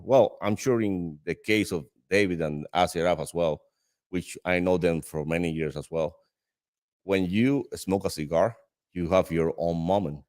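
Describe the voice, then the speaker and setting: A man from the Dominican Republic with a Dominican Spanish accent, a native Spanish speaker in the cigar trade. He tells an anecdote in casual conversation in a lively way, laughing often and restarting his sentences. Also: sits low. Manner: animated storyteller with frequent laughter and restarts. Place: cigar lounge.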